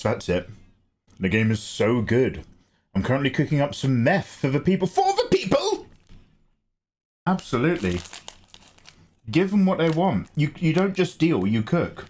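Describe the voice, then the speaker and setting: Hosting a relaxed art livestream, this man greets his viewers by name in a chatty way and laughs a lot. His voice is medium in pitch with a darkish tone.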